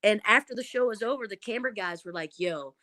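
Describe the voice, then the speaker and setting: A former reality show contestant, appearing as a guest in a casual interview, tells stories with a Southern Kentucky accent, dramatic, animated, and full of folksy phrasing. Her mid-range voice moves fast, and the recording is dry.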